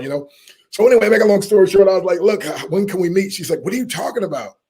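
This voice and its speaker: A middle-aged man, a motivational speaker telling a lively story in an interview and acting out the people in it. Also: sits high, very fast, slightly rough. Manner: animated storyteller, acts out quoted voices, laughs often.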